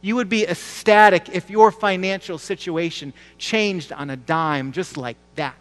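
A man's voice: high-pitched, a little slow, fairly bright tone, long reverb tail. A man preaching a sermon in a conversational, emphatic way, repeating key phrases and asking the congregation rhetorical questions. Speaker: pastor.

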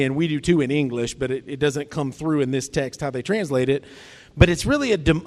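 Male pastor, conversational sermon, animated delivery, reverberant hall. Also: on the high side. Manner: conversational, acts out quoted lines with feeling.

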